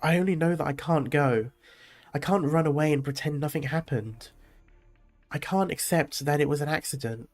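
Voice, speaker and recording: A man's voice: on the high side, moderate pace, soft background music, natural voice. A man reading aloud the lines of a grief-stricken young winged woman from a game, in a mostly plain, lightly acted voice. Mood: anguished.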